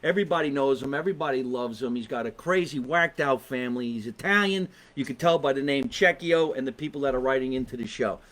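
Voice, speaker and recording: A man's voice: medium pitch, fast talker, hardly any pauses, a bit bright. A man with a New Jersey accent hosting a live online comedy talk show from his basement, brash and joking with viewers, swearing freely. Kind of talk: casual live-stream chat. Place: home basement.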